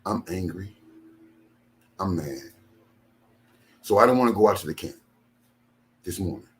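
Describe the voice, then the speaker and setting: A man's voice: deep voice, lively intonation, measured pace. An older man, a ministry leader, venting angrily and repetitively from his studio, tired after a sleepless night. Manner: aggrieved, repetitive, emphatic. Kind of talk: angry venting monologue. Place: home studio.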